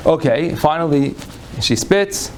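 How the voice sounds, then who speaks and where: A man teaches Jewish law to a live audience in a lecture room, speaking in a folksy, chatty way and often starting phrases over. His voice is animated and on the high side, slow-paced, with slight hiss or hum.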